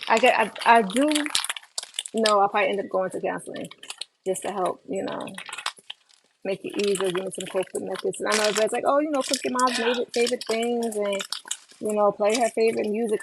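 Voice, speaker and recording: Over noisy kitchen clatter of pans and cutlery, a sleep-deprived woman with a mid-range voice hosts a casual phone livestream as she makes dinner at home. She's chatty, reading viewer comments aloud and answering them.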